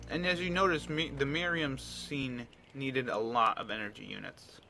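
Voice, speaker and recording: A man's voice: medium pitch, moderate pace, bright, forceful tone, faint music behind. A man around thirty giving casual, rambling commentary over a video game he is playing. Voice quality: rambling, chatty, frequent restarts. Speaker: let's play commentator.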